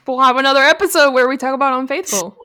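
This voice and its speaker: Woman, podcast host, high voice, dry close sound, playful slangy chat. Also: steady tone, very fast, pushed and bright, dry recording. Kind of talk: casual film chat.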